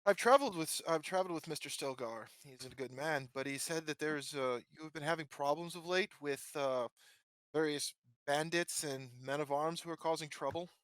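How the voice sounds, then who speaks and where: A player voices a courteous nobleman adventurer with formal, old-fashioned manners. The voice is bright and sits in a middle pitch, heard dry and close. It is a tabletop game scene. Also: fairly quick, no room sound, close to an everyday voice.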